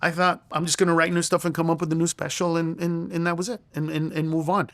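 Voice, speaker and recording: A man's voice: on the high side, flat delivery, quick pace, a bit bright, dry recording. A middle-aged man, a comedian guest in an interview, telling stories in an emphatic, profane way with stammering restarts. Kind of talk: animated interview storytelling.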